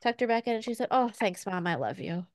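A woman in her thirties co-hosting a casual podcast, telling stories in an animated way and acting out her toddler's lines. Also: medium pitch, fast, no echo, clean studio sound. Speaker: podcast co-host. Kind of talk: casual chat.

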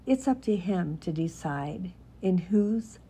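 A middle-aged woman in casual devotional chat who reads her own short piece in a soft, unhurried, gentle way. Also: lowish voice, animated, husky. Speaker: Christian writer. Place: home cabin indoors.

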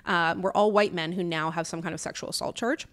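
A woman's voice: lowish voice, fairly even intonation, fast, a bit bright. A young woman co-hosting a podcast, chatting casually and telling stories with acted-out quotes. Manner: chatty storyteller, acts out dialogue in quotes. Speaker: podcast co-host.

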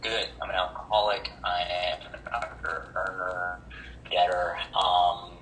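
A man with a lowish, bright-edged voice talks at a support meeting over a video call. He rambles, restarts and stumbles over his words. The room sounds echoey, with faint noise underneath. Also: little pitch movement, unhurried. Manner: rambling, warm toward others, stumbles and restarts. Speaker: recovery meeting member sharing. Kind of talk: casual personal share at a support meeting.

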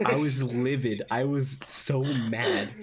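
A podcast host, a man at an ordinary middle pitch, tells a story in casual chat. He talks haltingly, with many restarts and fillers, and acts out his own past lines. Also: steady tone, a loud crowd.

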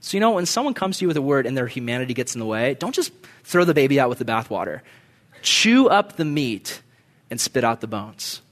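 A young man preaching a casual, animated sermon, telling stories and breaking into shouted bursts. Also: medium pitch, brisk. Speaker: pastor.

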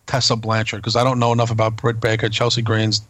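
A man's voice: fairly low pitch, completely flat delivery, fast, fairly bright tone, dry recording. A man co-hosting a casual wrestling chat podcast, hesitant, with many restarts and fillers. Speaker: podcast co-host.

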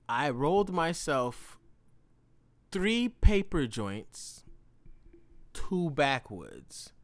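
A man telling a podcast story in a casual, slangy monologue, with a lively pitch that jumps up and down. He swears freely and moves from loud bursts to low mumbles. The recording is close and dry, with no room sound. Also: no room sound. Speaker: podcast host.

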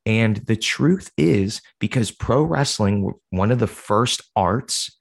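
A young man hosting a podcast, telling a story in a casual, animated way with lots of fillers and restarts. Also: fairly low pitch, slow, gravelly, dry recording, studio quality. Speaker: podcast host.

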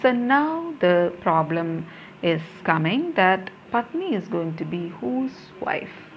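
A woman's voice: lowish voice, sing-song, slow pace, slight background noise. A woman reads out stage directions and explains the plot in a plain teaching manner. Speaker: teacher reading a play aloud. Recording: dull lo-fi recording.

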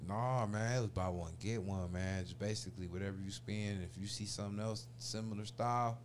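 A man's voice: fairly low pitch, brisk, a little hiss or hum. A man in his forties telling a long story in casual chat, full of slang and swearing, acting out the voices of the people in it. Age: 40s. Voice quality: profane slangy street talk, animated retellings.

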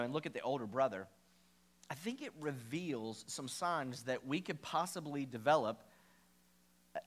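A man preaching a sermon as pastor, telling a story with animated, acted-out quotes. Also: fairly high pitch.

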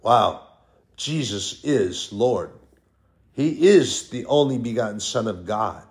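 Here a middle-aged preacher delivers a Bible-teaching sermon, chatting with fillers and self-corrections while alternating between hushed asides and loud, mounting proclamations. He speaks at a medium pitch, sounds animated, and keeps a slow pace.

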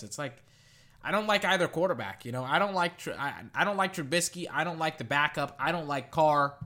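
A young man ranting through his weekend football picks in casual solo commentary, exasperated and jumping up and down in pitch. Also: pushed and bright. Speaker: sports podcaster giving picks. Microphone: echoey metal can around the mic.

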